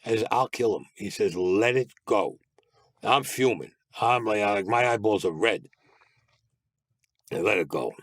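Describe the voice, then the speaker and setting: A man with a fairly low voice recounts his past crimes in an interview, speaking a little slowly with long pauses but animated throughout. He's blunt and profane and acts out other people's lines, captured in clean studio sound with no room sound.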